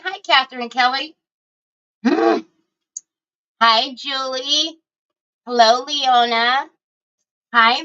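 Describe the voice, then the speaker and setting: A middle-aged woman from Northern California chats slowly and warmly at her craft desk during a livestream, greeting viewers one after another. Her bright, fairly high voice has turned squeaky and hoarse from a cold, and she keeps clearing her throat. The stream audio sounds dull and lo-fi.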